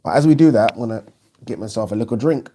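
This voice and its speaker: A man hosting a casual live stream, chatting and reading viewer comments aloud in an animated way. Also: on the low side, fast, a little hiss or hum. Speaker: boxing channel host.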